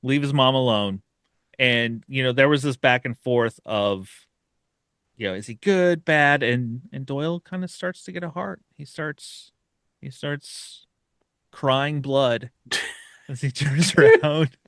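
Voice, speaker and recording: A man hosting a podcast, casually and excitedly retelling a horror short film and acting out its characters' lines as he goes. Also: medium pitch, takes it slowly, clean tone, no room sound, clean studio sound. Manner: animated retelling, acts out the characters' lines with laughter. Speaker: podcast host.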